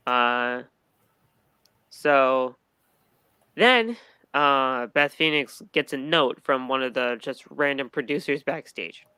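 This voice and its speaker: Bright, crisp-voiced man rambling a recap. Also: mid-range voice, takes it slowly, pauses often, no echo. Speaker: podcast co-host recapping wrestling. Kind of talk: casual podcast chat.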